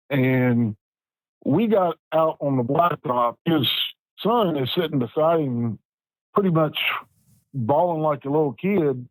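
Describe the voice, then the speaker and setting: A man's voice: fairly high pitch, expressive, no room sound, rough recording. Plain-spoken man in his fifties. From West Virginia. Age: 50s. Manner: unhurried, plain-spoken storytelling with frequent restarts. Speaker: podcast guest. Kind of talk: personal storytelling.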